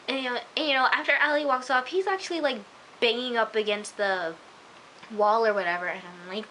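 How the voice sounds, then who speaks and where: A woman reviewing a TV episode in a casual, gushing vlog, full of exclamations and filler words, sometimes dropping to hushed asides. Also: fairly high pitch, fairly quick, a little hiss or hum, poor audio.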